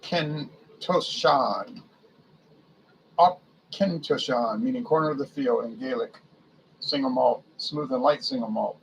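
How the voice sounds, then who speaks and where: A man's voice: mid-range voice, steady tone, moderate pace, vocal fry, a little hiss or hum, poor audio. A man casually reading a liquor list aloud, musing to himself and stumbling over foreign names. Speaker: beer and spirits reviewer.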